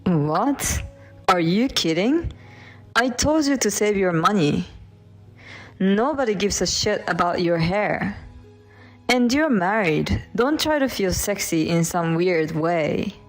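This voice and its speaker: A woman's voice: mid-range voice, expressive, slow pace, faint music behind. A woman voicing a harsh, suspicious young husband who sneers and accuses. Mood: scornful.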